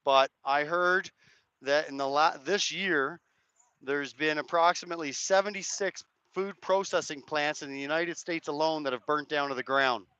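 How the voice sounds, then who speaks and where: Man, hoarse live streamer, rambling and hedging, crisp bright tone, dry lo-fi sound. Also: on the high side, normal speed, no room sound. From Canada. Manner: rambling, hedging, chats to viewers' comments. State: hoarse, cracked voice. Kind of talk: casual live-stream commentary. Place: outdoors at a street rally.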